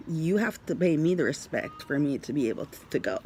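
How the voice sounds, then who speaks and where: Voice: mid-range voice, animated, fairly quick, hardly any pauses, darkish tone, a little hiss or hum. A vlogger casually retelling a dream to their viewers, rambling with many fillers and sometimes dropping into a whisper. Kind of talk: casual storytelling to camera.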